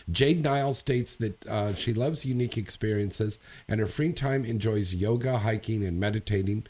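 A man's voice: medium pitch, a little mellow, slightly rough. A man hosting a casual chat show, reading news and plugs in a loose, rambling way with lots of fillers. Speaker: radio show host.

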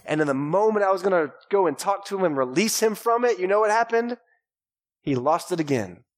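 Pastor, male, thirties, from Texas, preaching to a live congregation in a lively way, voice a little high. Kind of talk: sermon. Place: church sanctuary before a congregation. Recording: live church recording.

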